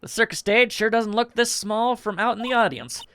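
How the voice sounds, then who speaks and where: A man's voice: sits high, lively intonation, normal speed, pushed and bright, clear, resonant tone. A man doing casual game playthrough commentary with rambling, joking asides. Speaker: game streamer voicing a playthrough.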